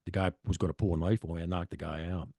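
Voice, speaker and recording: Middle-aged male guest, low voice, dry close sound, blunt and profane storyteller. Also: flat delivery, rapid-fire, vocal fry, warm tone, dry recording. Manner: blunt, profane, rambling with restarts. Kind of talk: casual storytelling.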